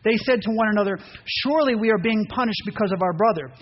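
A man preaching a sermon, animated, acting out voices and reading scripture aloud. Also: sits high, fast talker. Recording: dull muffled sound with faint noise.

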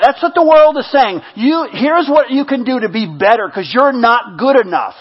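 A male pastor preaching a sermon, swinging between loud exhortation and hushed, intimate repetition. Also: extremely high pitch, animated, normal speed, few pauses, slightly rough, muffled recording.

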